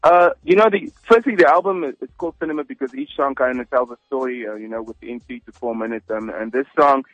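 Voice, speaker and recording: A man's voice: mid-range voice, quick pace, few pauses, no room sound, soft background music. A male singer calling in to a radio show, easygoing and chatty. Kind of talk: phone interview. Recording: tinny phone line.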